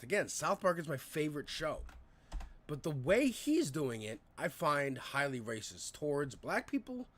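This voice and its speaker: A man's voice: mid-range voice, fairly bright tone. A man in his thirties telling stories on a casual livestream, rambling and profane, with lots of fillers and restarts. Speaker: live streamer.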